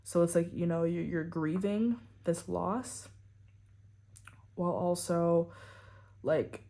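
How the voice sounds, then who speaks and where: A woman's voice: fairly low pitch, slow, mellow. A woman giving a casual tarot reading to her viewers, rambling and full of "like" and "you know". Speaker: tarot reader.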